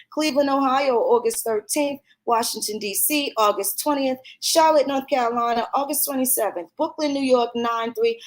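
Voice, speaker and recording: Woman, AAVE, high voice, heated, profane, mocking commentary. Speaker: commentary vlogger. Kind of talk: ranting commentary.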